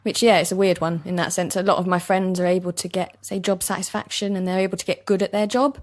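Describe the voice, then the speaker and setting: A young woman with a soft East London accent, an actor chatting in an interview, laughing easily and self-deprecating. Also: lowish voice, little pitch movement, quick pace. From East London, England. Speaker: actor guest. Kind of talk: casual interview chat. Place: basement recording studio.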